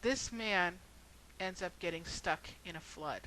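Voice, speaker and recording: A woman's voice: lowish voice, unhurried, bright, forceful tone, a little hiss or hum, low-quality recording. A woman video blogger telling a story and then making an earnest, rhetorical argument.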